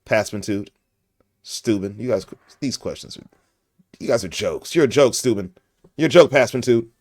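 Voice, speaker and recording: A man's voice: medium pitch, normal speed, a little mellow, dry recording, clean studio sound. Goofy joking podcast host, a man. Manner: joking, goofy, laughs often. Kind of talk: casual podcast chat.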